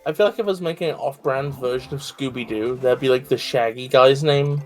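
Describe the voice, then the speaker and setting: A man co-hosts a game stream in a brisk, mid-range voice, with soft music in the background. He chats casually while playing, riffing in a joking, profane, rambling way.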